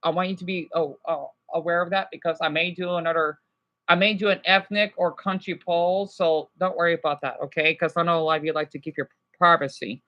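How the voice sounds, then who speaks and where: A woman's voice: lowish voice, fairly even intonation, fairly quick, dull audio. A woman livestreaming, chatting loosely with her viewers and answering their messages, with lots of "you know" and restarts. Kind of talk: casual live chat.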